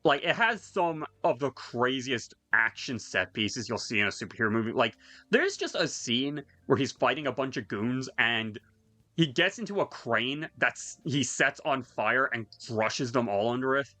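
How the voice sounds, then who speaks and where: Excitable man, bright, animated delivery; casual swearing host. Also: medium pitch, moderate pace, no room sound. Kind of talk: casual chat with friends.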